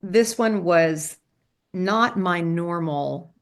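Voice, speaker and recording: Woman, trial lawyer, lower-pitched voice, animated storyteller, frequent restarts. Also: drawn-out words, slight background noise. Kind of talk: interview guest telling stories.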